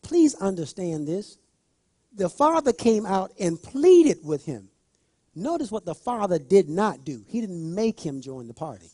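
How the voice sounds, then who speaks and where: Lively male preacher, high voice, talks straight to the congregation with loud emphatic bursts. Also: a little slow, slightly rough, no room sound, studio quality. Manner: animated, repeats phrases, rises to loud emphatic bursts. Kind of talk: sermon.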